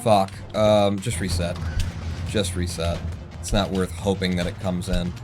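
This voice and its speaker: Swearing speedrun streamer, game music behind. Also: male voice, deep voice, level tone, measured pace. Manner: swears often, mutters running self-talk. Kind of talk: live speedrun commentary.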